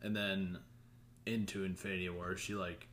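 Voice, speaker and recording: A man's voice: deep voice, level tone, normal speed, noisy background. A man in a casual chat about films, laid-back, giving short replies and laughing easily.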